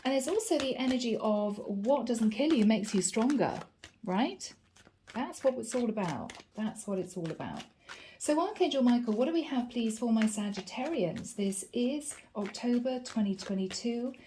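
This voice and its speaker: Woman tarot reader, mellow voice, earnest, encouraging, repeats herself. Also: on the high side, animated, normal speed, slight background noise. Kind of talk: channeled tarot reading to camera.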